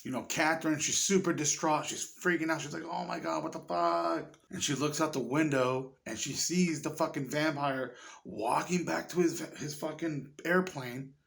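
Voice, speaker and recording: A man's voice: fairly high pitch, normal speed, a bit bright. Profane, rambling man reviewing a movie. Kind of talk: casual chat.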